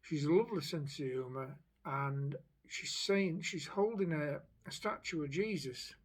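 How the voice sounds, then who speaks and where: This psychic medium has a voice on the high side and talks a little slowly. He relays a spirit's story in a chatty, hesitant monologue full of restarts.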